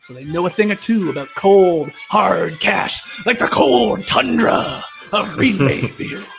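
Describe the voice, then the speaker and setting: A man's voice: high-pitched, expressive, a little slow, vocal fry, over music. A man co-hosting a sports podcast, chatting casually and reading an ad in a playful, laughing manner. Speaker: podcast co-host. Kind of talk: casual chat and read ad.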